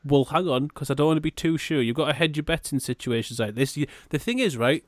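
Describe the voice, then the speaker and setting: A man's voice: on the high side, animated, quick pace, no room sound, clean studio sound. A man co-hosting a podcast, riffing in a sweary, playfully exaggerated way. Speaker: podcast co-host. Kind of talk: casual comedic chat.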